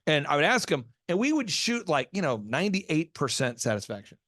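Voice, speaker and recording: A man hosts a business podcast, spinning stories with emphatic asides. His voice sits on the high side and rises and falls widely. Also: brisk, no room sound, clean studio sound. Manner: animated storytelling, emphatic asides. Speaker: podcast host.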